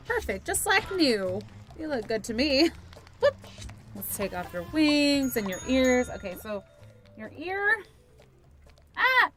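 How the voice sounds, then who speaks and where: A young woman hosting a gaming video, chatting bubbly to the cats in a VR game as she plays. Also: high-pitched. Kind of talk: playing a VR game with commentary.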